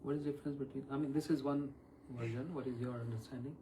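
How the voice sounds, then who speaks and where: Spiritual teacher, heard from afar. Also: male voice, mid-range voice, steady tone, quick pace, mellow, slight background noise. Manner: questions the listeners often, with throat-clearing. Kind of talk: evening question-and-answer talk. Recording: voice from far off the mic.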